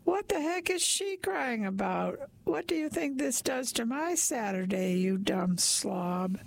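A surly, hulking bearded man, voiced by a woman reading aloud. He sneers and insults in a slow, gravelly drawl. The voice sits a little higher than the reader's own. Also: darkish tone, heavily acted. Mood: scornful. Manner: gruff, insulting. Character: huge surly red-bearded man, rude.

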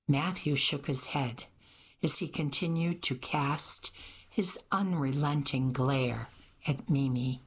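A woman narrating a cozy mystery audiobook in a measured, steady read. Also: very deep voice, breathy edge. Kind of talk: scripted narration.

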